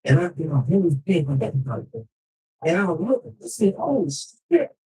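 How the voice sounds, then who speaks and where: A man's voice: fairly high pitch, sing-song, moderate pace, a little mellow, rough recording. A man telling a rambling story in casual talk, in loose, slangy street speech with frequent swearing.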